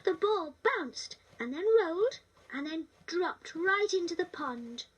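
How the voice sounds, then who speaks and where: Brief: cheerful British little-girl doll, sing-song storybook narrator, squeaky-high. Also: lively intonation, slow, a bit bright, distant mic, heavily acted, low-quality recording. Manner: sing-song, sweet and coaxing.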